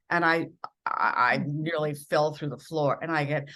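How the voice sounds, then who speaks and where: Low-voiced woman telling lively stories. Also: a little slow. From rural Minnesota. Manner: animated storyteller acting out voices in quotes. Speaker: interview guest, broadcast journalist. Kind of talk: storytelling in a podcast interview.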